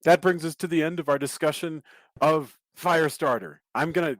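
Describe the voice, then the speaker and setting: A man hosting a podcast, talking in a relaxed, casual way. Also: on the high side, normal speed, no echo. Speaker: podcast host. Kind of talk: casual chat.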